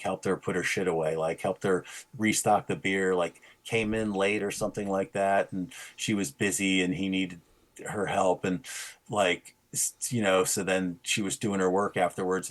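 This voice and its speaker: A man co-hosting a casual podcast, telling a rambling anecdote and acting out the quoted lines. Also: fairly low pitch. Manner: rambling storyteller who acts out quoted lines. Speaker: podcast co-host.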